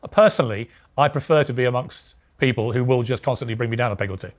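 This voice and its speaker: Fast, teasing British man. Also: medium pitch. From United Kingdom. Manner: teasing and banter-filled. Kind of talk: podcast conversation.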